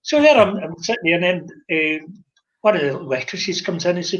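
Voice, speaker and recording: An older Scottish man, a former publican, telling lively stories in casual chat and acting out the dialogue. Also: sits high, moderate pace, dull audio. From Scotland. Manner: animated anecdotal storyteller, acts out dialogue.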